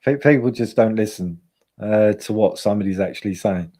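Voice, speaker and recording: A man's voice: on the low side, a little fast, mellow. A man hosting a casual livestream chat, talking bluntly with lots of swearing and repeated words. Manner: blunt, profane, repeats himself. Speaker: host.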